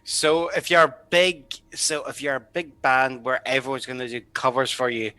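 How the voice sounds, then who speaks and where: A man's voice: mid-range voice, little pitch movement, moderate pace, bright, forceful tone, smooth, no room sound. A man chatting casually and agreeably as a player in a tabletop game group. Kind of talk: casual chat.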